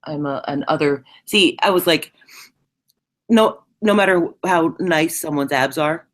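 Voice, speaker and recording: A woman chatting casually, an animated and frank storyteller. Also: sits low, unhurried. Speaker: guest in conversation. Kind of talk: casual chat.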